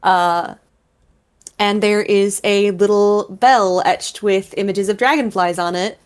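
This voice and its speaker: A woman's voice: medium pitch, slow, smooth. Woman gm narrating a tabletop game, laid back, lots of uhs and likes. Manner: relaxed, many fillers. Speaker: game master.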